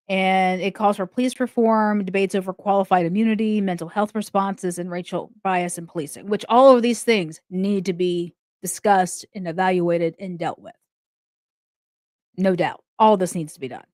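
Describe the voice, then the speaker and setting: Hosting a true crime commentary, a woman reasons aloud in a relaxed yet indignant, conversational manner. Her mid-range voice is a little mellow, fairly even in intonation, and moderately paced, in a dry, studio-quality recording.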